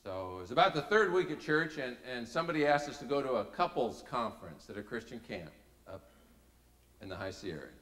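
A middle-aged man preaching a sermon as a folksy, animated story, swinging between quiet asides and loud peaks. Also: medium pitch, a little fast. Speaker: speaker. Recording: reverberant hall.

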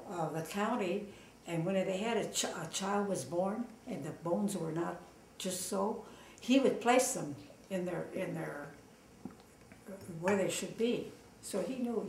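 Older woman, Los Angeles native, oral-history interviewee. Gravelly, animated storyteller; echoey room, off-mic. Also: medium pitch, far from the mic, slight background noise. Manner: lively, acts out quoted dialogue with fillers. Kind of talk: casual storytelling.

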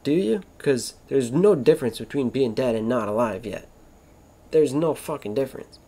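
A man's voice: mid-range voice, normal speed, dark tone. Rambling, cursing man musing aloud. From Florida. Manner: stoned, rambling, swears constantly, trails off mid-thought. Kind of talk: rambling casual monologue.

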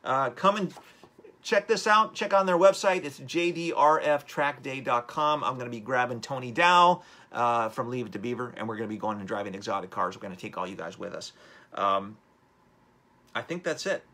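Man, live-stream host, motivational talk, upbeat, exhorting, bright tense tone. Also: medium pitch, animated, moderate pace. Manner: upbeat, rambling, exhorting viewers.

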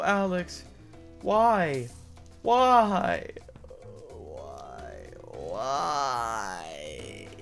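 A woman giving sarcastic, exasperated commentary on her Minecraft game and complaining to her partner. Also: fairly low pitch. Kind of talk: scripted gameplay commentary with a partner.

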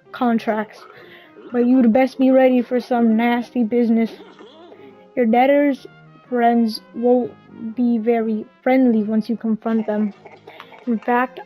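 A woman voicing a wise old male kettle who gives calm, grave advice. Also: a little high, muffled recording, lightly acted.

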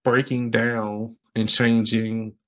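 A young man from Alabama, a podcast guest telling his story casually and acting out his younger self with lively exclamations. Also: slow pace. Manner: animated, acts out his past self with high exclamations and laughs.

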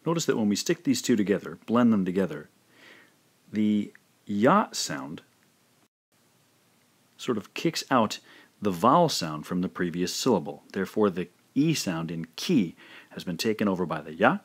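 A man's voice: deep voice, big pitch swings, husky. A man teaching a language lesson, carefully pronouncing syllables one by one in a scripted instructional narration. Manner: slow, careful syllable-by-syllable pronunciation drills.

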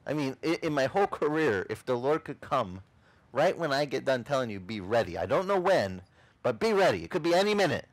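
Animated storytelling male pastor. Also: fairly quick, low-quality recording. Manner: animated storytelling, acts out quotes in high excited voices. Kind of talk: sermon. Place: outdoor beach service.

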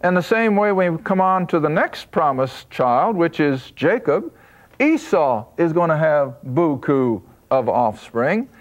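A man teaching a Bible study lesson, emphatic and slowing down to stress key points. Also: fairly high pitch, very animated.

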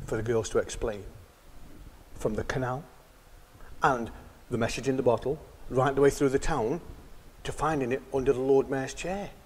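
A man telling a children's story, voicing the characters in higher pitches. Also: a little hiss or hum. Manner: lively, voices the girls in higher pitch.

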